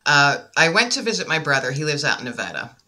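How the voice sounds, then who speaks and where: A middle-aged woman with a bright, forceful voice, chatting on a call. She tells her stories with animated energy and acts out the quotes in them. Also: sits low, fast. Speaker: podcast guest. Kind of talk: casual conversation.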